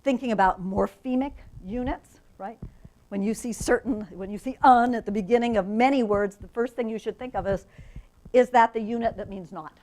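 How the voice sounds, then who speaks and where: A woman who teaches reading methods at a university, giving a lively professional development lecture to teachers and often checking in with the audience. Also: a little high, normal speed, rough recording. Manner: enthusiastic, asks the audience questions, frequent "right?". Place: conference room.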